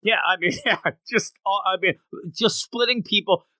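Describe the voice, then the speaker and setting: A man co-hosting a podcast, chatting casually and acting out quoted lines in quick voices. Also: high voice, bright, forceful tone, no echo. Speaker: podcast co-host. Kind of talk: casual chat recapping a manga chapter.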